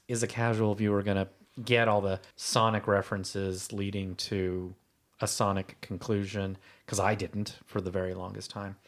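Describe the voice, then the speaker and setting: Low-voiced man musing casually. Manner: thoughtful, hesitant with fillers. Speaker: podcast co-host. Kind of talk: casual chat.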